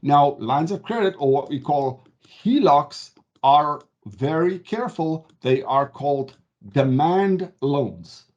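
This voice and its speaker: A man's voice: on the high side, animated, slow pace, darkish tone, lo-fi sound. A man working as a mortgage advisor, explaining loans in a conversational way and often checking in with "okay?". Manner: emphatic, stresses key words. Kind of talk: explanatory talk to camera.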